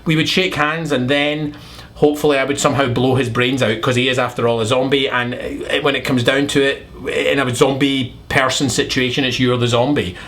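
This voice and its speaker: A man from Scotland with a Scottish accent, giving a deadpan, mock-sincere comic monologue full of rambling asides. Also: medium pitch, brisk. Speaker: comedy vlogger.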